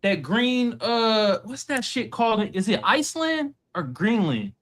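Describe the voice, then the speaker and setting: A man on a panel in casual banter, loud, slangy, joking and profane. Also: high voice, very animated, measured pace.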